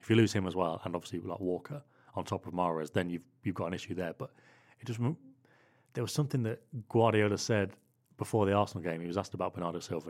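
A man, a football club correspondent, chatting on a podcast and telling rambling anecdotes with lots of "like" fillers. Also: sits low. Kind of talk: casual podcast chat.

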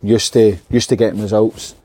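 Casting: Scottish male football pundit, mellow tone, dry close sound. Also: on the low side, steady tone, moderate pace, breathy edge, no room sound. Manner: rambling, restarts phrases. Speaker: podcast pundit. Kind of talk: casual football chat.

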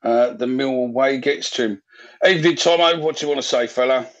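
A man's voice: medium pitch, brisk, muffled recording. A man hosting a live football fan podcast, chatting casually with callers in an easygoing way with plenty of fillers. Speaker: podcast host.

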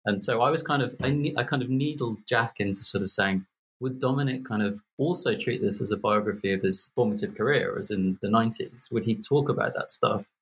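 A man's voice: lowish voice, fairly quick, fairly bright tone, husky. A man in his forties from Birmingham, a podcast guest chatting casually with lots of fillers and restarts. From Birmingham, England. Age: 40s. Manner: rambling, many fillers and restarts.

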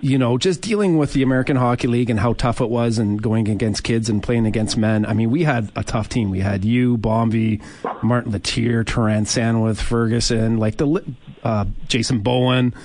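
A man's voice: medium pitch, fairly even intonation, normal speed, darkish tone, no room sound. A man co-hosting a sports radio show, chatting with a guest and asking long, rambling questions. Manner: conversational, asks long questions. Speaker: radio co-host. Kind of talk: casual chat.

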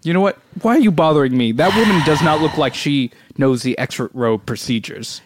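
A man's voice: on the high side, brisk, a little hiss or hum, lightly acted. A man playing a pretentious male airline passenger who fancies himself a poet, in an improvised comedy sketch. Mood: haughty. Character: smug male passenger writing rhymes.

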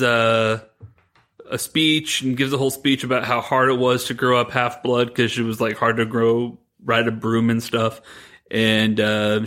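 A man co-hosting a podcast, retelling a movie plot in a rambling, animated way, quoting the characters as he goes. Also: mid-range voice. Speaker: podcast co-host. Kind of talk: casual chat recapping a movie.

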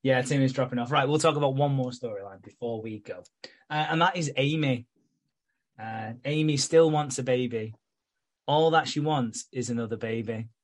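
A man's voice: medium pitch, normal speed. A man chatting on a podcast as he recaps a soap. He swears freely and drops into the characters' lines as he tells the story. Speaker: podcast co-host. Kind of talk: casual chat recapping a soap.

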